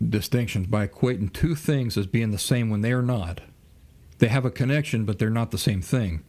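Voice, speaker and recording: A man's voice: fairly low pitch, a little mellow. A man hosting a podcast, lecturing in a monologue full of rhetorical questions and acted-out mock exchanges. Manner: asks rhetorical questions and acts out mock dialogue. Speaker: podcast host.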